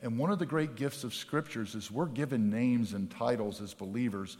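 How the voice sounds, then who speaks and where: A man preaching a sermon as pastor, conversational, telling personal stories and asking quick rhetorical questions. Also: medium pitch, a little mellow, long reverb tail.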